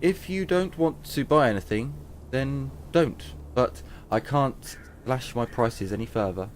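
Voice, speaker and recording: Man reading as a confident weapons dealer, salesman's patter, lively pitch. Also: measured pace, a little hiss or hum, lightly acted. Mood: salesy. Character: gruff male weapons trader, confident.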